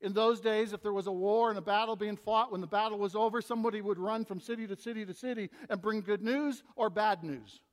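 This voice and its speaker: A man with a high voice preaches a sermon, rising to loud, emphatic scripture readings and then dropping low and quiet. His voice rings out through a long church reverb. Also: fairly even intonation, fairly quick, hardly any pauses. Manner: preaching with big swings between loud emphasis and quiet asides. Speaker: pastor.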